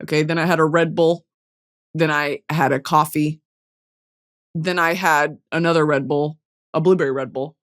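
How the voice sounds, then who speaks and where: A young woman hosting a podcast in a casual comedic monologue, profane and animated, jumping from loud outbursts to low mutters. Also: normal speed, long pauses. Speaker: podcast host.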